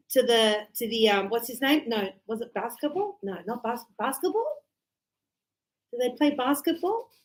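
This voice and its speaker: A middle-aged woman teaching an English class, lively and chatty, acting out short example dialogues for her students. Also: fairly high pitch, rough recording. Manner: animated, acts out little example dialogues.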